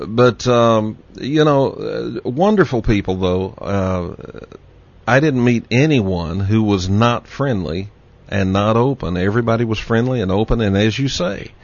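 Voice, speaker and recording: A man from Texas with a Southern accent, hosting a radio talk show in a folksy, relaxed way. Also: fairly low pitch, lo-fi sound. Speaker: radio host.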